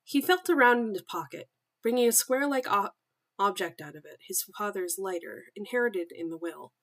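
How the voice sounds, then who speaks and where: A young woman on a casual livestream, reading her own story in a bright, forward voice. She often stops to giggle, curse and make remarks about her own writing before diving back into the narration. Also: mid-range voice, animated, brisk.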